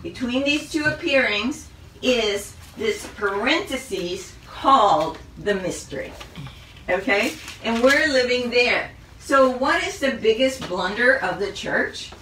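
Woman Bible teacher, slow and measured, bright tone, roomy distant mic. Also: fairly high pitch, expressive, slight background noise. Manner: measured, reads out a list of questions. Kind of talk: Bible study lesson.

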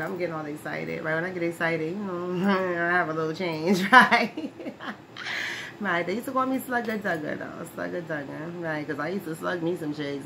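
A woman playing a brash streetwise brawler, low voice. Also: vocal fry. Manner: slangy, laughs often, keeps asking "right?". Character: brash streetwise woman, ex-brawler, touchy about her name. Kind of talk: comedy skit monologue. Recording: noisy background hiss.

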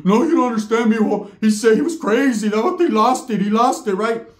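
A man voicing a frantic middle-aged aunt, wailing in a shrill, cracking voice. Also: a little fast, reverberant, natural voice.

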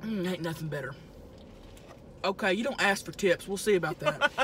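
A woman's voice: fairly low pitch, very animated, moderate pace, noisy background. A woman playing a brash, crude trailer-park woman who talks while eating noisily in a car. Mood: boastful. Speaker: mukbang vlogger character. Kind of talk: improvised character comedy. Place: inside a car.

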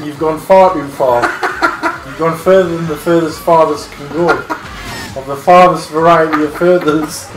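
A young Englishman, excitable and swearing, laughing and joking while racing online. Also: fairly high pitch, unhurried. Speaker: gamer and channel regular. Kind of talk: casual gaming banter. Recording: echoey room with loud game music.

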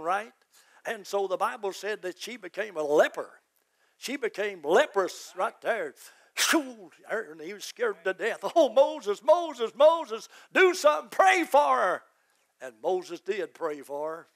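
A man, a pastor, preaching a fervent sermon that rises to shouts. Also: high voice, gravelly.

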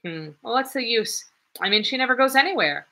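Woman voicing impatient blustering man, loud, exclamatory, raised pitch, husky edge. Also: expressive, a little fast, exaggerated voice, poor audio.

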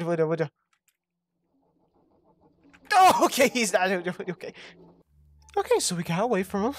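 Foul-mouthed, jumpy horror-game commentator. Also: creaky. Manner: profane, rambling, talks back to the game; sudden loud outbursts and jumps in pitch. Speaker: gameplay commentator. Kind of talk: let's play commentary.

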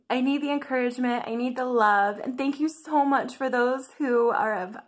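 A woman vlogger talking in a casual, gushing and emotional way to her viewers, laughing often. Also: a little high. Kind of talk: casual weight-loss vlog.

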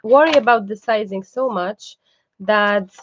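A woman's voice: mid-range voice, measured pace, dry recording, lo-fi sound. A woman hosting a live online craft class, chatty and reassuring, breaking off for asides to the person behind the camera. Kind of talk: live craft tutorial, casual chat.

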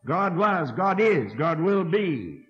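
A man's voice: on the high side, big pitch swings, slow pace. A man in his sixties preaching a sermon in a college hall, folksy and earnest, with dry asides and words repeated as he thinks. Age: 60s. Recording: dull lo-fi archive tape from 1960.

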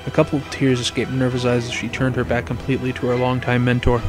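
A man narrating a fan story, rambling casually in his asides, his voice going hoarse. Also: mid-range voice, completely flat delivery, fast, few pauses, over music. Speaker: storyteller, fan fiction reader.

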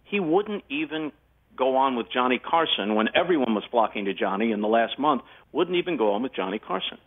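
An older man, a guest sportscaster, telling anecdotes in an animated way during a casual interview, heard over a tinny remote line. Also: mid-range voice, brisk, slightly rough.

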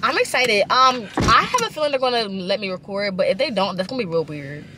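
A woman's voice: mid-range voice, sing-song, brisk, noisy background. A woman in her twenties chatting casually to her camera in a vlog, outspoken and blunt with lots of slang. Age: 20s. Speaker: vlogger. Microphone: compact camera held close.

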